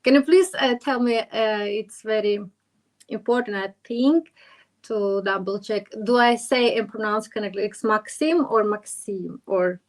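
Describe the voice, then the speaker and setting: A woman hosting a podcast interview, effusive and enthusiastic, speaking as a with halting phrasing. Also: medium pitch. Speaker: podcast host.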